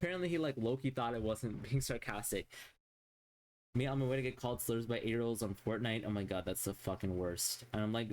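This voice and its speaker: A man's voice: medium pitch, fairly quick, darkish tone. A man streaming a casual chat, rambling and swearing constantly as he rants in exasperation.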